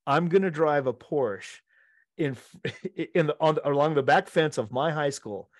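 A middle-aged man, a podcast co-host, telling an animated story among friends, laughing often and acting out the quotes. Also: a little high, unhurried, no room sound, studio quality.

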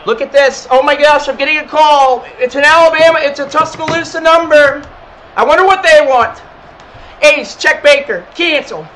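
A young man streaming a football video game, teasing his opponent with playful trash talk between quick play calls. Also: extremely high pitch, a bit bright, rough recording. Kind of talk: casual gaming stream chat.

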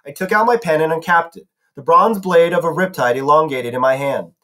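A man's voice: fairly high pitch, fairly quick, pushed and bright. A man reading a novel aloud as a narrator, now and then correcting himself. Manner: narrating with some self-corrections. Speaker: audiobook reader.

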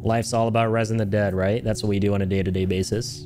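A man streaming a video game, reacting loudly to his chat, swearing, laughing and yelping in surprise. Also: quick pace, music in the background. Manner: excitable, swears, frequent laughs and sudden high yelps.

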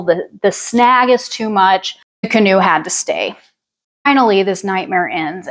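A woman, telling a personal story with wry asides on a storytime vlog. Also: mid-range voice. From Ozarks, United States. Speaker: vlogger.

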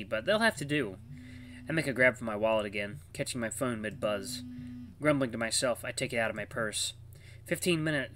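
A man's voice: mid-range voice, bright, forceful tone. A man reading a visual novel aloud in a casual way, with asides to his viewers. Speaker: game streamer.

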